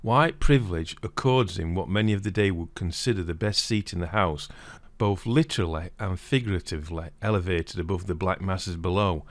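A man narrating a scripted video essay in a steady reading voice. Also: sits low, fairly quick, dry recording. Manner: steady reading, livelier when reading quoted passages.

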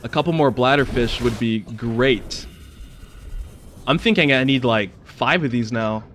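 A man's voice: medium pitch, a little slow, slight background noise. A man casually commenting on his own video game as he plays, easily startled and prone to swearing. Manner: excitable, swears and yells when scared. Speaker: gaming channel host. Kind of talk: casual let's-play commentary.

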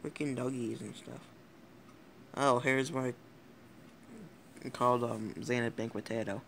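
Giggly teen guy with a gravelly voice. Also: mid-range voice, steady tone, measured pace, a bit bright, a little hiss or hum. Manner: giggly, rambling, swears often, self-interrupting. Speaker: YouTuber. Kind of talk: casual rambling vlog commentary.

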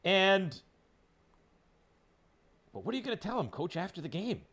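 A man's voice: high-pitched, very animated, moderate pace, pauses often, a bit bright. A man hosting sports talk radio, ranting with sarcasm and heat. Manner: emphatic, sarcastic, heated.

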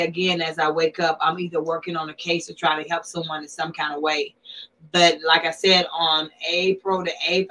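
A woman hosting a casual livestream, chatting back to viewers' comments in an animated way. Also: deep voice, poor audio. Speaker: livestream host.

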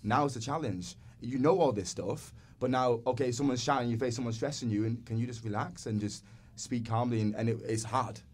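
A man's voice: mid-range voice, brisk. A man in casual podcast conversation as a guest dancer, earnest and reflective. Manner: earnest, reflective, talks in a rush.

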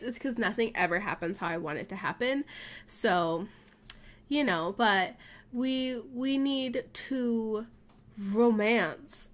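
A woman casually commenting on her life-sim game, gushing and excitable over her pets. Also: fairly high pitch, slow pace. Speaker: gaming YouTuber. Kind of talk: casual let's play commentary. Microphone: desk mic, facecam.

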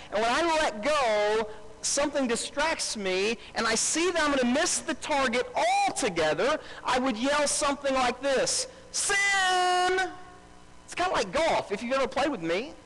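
A man with a strikingly high voice preaches a live sermon in a church. He repeats his key phrases for emphasis and draws answers from the congregation. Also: fairly bright tone, low-quality recording. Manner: calls out to the congregation and asks for responses. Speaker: pastor. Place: church service before a congregation.

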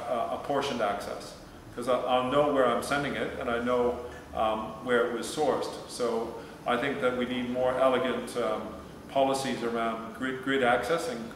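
A man presenting and answering audience questions, halting with many restarts and fillers. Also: medium pitch, a bit bright, distant mic. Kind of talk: talk Q&A at a meetup. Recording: echoey hall with faint noise.

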